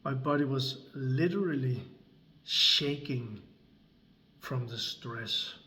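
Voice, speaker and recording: Slow, deliberate man. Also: medium pitch, pushed and bright. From Denmark. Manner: slow, deliberate, with long pauses between phrases. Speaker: creator and coach. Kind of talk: slow dramatic storytelling.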